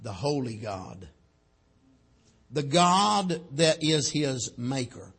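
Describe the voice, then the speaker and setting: A male preacher, giving a sermon, swinging from shouted lines to low quiet ones and saying amen often. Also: very animated, slow, pauses often, breathy edge.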